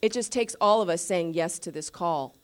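A woman pastor teaching a sermon in a lively, conversational way, asking her listeners questions and correcting herself as she goes. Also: lowish voice, moderate pace, smooth. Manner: restarts and self-corrections.

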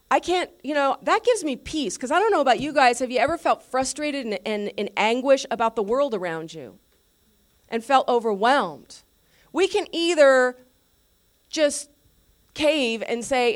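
A woman pastor preaching in a chatty, animated way, with a voice that sits a little high. She keeps asking her listeners questions and stops to correct herself along the way. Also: measured pace. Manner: lively, conversational, asks the audience questions; restarts and self-corrections. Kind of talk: sermon teaching.

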